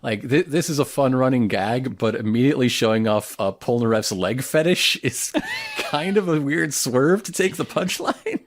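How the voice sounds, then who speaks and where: A man co-hosting a podcast speaks at a middle pitch with a lively, bouncing intonation. He trades wry jokes and mock lines in easy, unscripted chat. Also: moderate pace, a little hiss or hum. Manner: wry, jokey asides and mock quotes. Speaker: podcast co-host. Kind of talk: casual recap chat.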